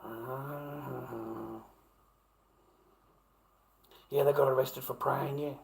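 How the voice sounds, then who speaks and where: A man's voice: medium pitch, fairly even intonation, slow pace, vocal fry, a little mellow, rough recording. A middle-aged Australian man chatting on a live stream, blunt and profane, often stammering and restarting his sentences. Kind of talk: casual live-stream chat.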